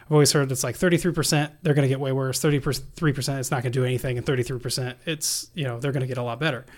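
A man who works as an emergency nurse, telling stories from the hospital in a casual, animated podcast conversation. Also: mid-range voice, racing. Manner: animated storyteller, acts out quoted voices. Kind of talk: casual storytelling in a podcast interview.

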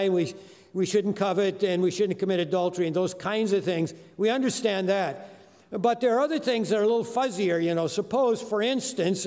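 A man's voice: high-pitched, darkish tone, big-room sound. An older man preaching a sermon in a church sanctuary, conversational and full of fillers. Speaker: guest preacher.

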